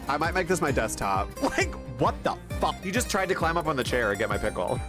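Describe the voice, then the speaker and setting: A man streaming a game live, chatting casually with loud, excitable outbursts. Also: on the high side, brisk, hardly any pauses, over music. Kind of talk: casual live-stream chat over gameplay.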